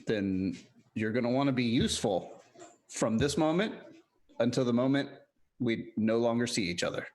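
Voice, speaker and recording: A man's voice: mid-range voice, a little mellow, natural voice. A man playing a menacing clan warrior. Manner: slow, threatening, deliberate.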